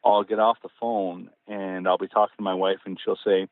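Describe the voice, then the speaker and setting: A man's voice: low voice, normal speed, dry recording. Man telling stories over a tinny phone line. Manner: animated anecdote-telling, acting out dialogue. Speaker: author and interview guest. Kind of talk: casual conversational storytelling.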